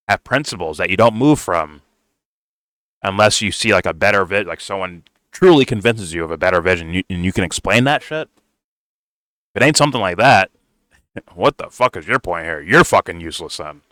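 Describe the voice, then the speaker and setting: A heated man tears into a political video he is reacting to, cursing at every turn. His voice sits a little low and pushes forward with a hard, tense edge, recorded close and dry. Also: animated, normal speed, sharp tone, no room sound. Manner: blunt, heated, swears constantly, says "bro". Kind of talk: profane reaction rant.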